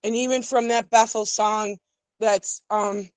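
A woman's voice: medium pitch, fairly even intonation, a little slow, no room sound, rough recording. A woman calling in to a talk show who speaks earnestly and gets emotional. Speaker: caller. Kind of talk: call-in talk.

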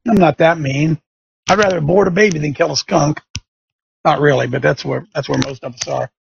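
A man's voice: on the high side, fairly even intonation, brisk, gravelly, lo-fi sound, noisy background. A middle-aged man hosting a show, telling a folksy story and turning it into an emphatic sermon-like lesson for listeners. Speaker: show host. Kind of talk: preaching radio monologue. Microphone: studio microphone.

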